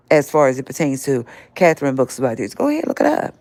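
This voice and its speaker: A woman's voice: rumbling low, animated, rapid-fire, few pauses, a little mellow, no echo. An older woman hosting a live stream, scolding and confronting someone directly in a heated rant.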